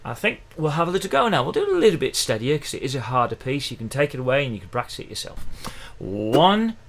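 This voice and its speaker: Chatty man, gravelly voice. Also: medium pitch, very animated, very fast, soft background music. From England. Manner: chatty, encouraging, counts in beats. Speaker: ukulele teacher. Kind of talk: livestream music lesson. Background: faint ukulele playing.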